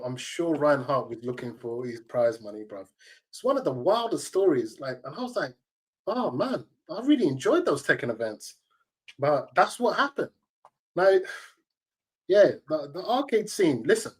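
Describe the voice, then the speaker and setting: A man's voice: on the high side, expressive, moderate pace, slightly rough. A man, a tournament organizer telling emphatic, slang-heavy stories as an interview guest. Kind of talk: casual interview storytelling.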